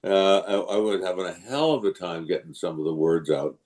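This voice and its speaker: A man's voice: sits low, normal speed. An older man from England, a guest voice actor telling stories in a casual interview and slipping into character voices. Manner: animated storyteller who slips into voices.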